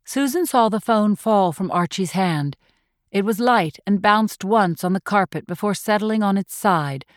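A woman reading thriller narration in a measured, tense storytelling voice. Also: medium pitch, no room sound, studio quality. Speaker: audiobook narrator.

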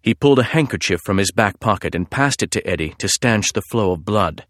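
A man with a lowish voice reads a thriller audiobook, measured and suspenseful. The recording is close and dry, with no room sound. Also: lively intonation, a bit bright, no echo. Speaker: narrator.

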